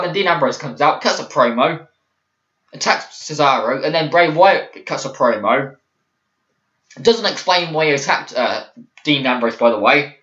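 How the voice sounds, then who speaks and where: Young guy ranting mad, cursing a lot, kinda high voice, echoey lo-fi room. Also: fairly bright tone. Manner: heated, swearing, frequent restarts. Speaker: wrestling show reviewer. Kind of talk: angry ranting video review. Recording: echoey room, dull lo-fi mic.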